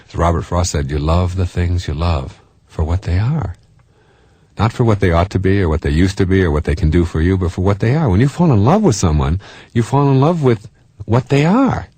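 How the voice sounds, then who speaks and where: A middle-aged man giving a self-help talk in a lively way, often mimicking other people's voices and chuckling at his own jokes. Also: rumbling low, husky, no room sound. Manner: animated, jumps into mimicking voices; chuckles while telling jokes. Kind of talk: motivational talk.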